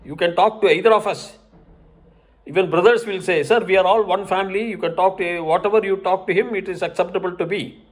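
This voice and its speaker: An older man explains religious texts in an unscripted talk, pausing often with fillers and self-corrections. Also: high voice. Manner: hesitant, many fillers, cites verses. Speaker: religious commentator.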